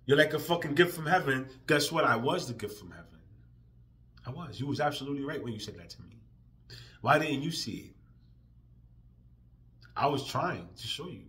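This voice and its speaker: A man ranting emotionally in a profane vlog, drifting from quiet, weary talk to loud, heated outbursts. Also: medium pitch, expressive, moderate pace, long pauses. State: emotional, near tears. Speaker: vlogger.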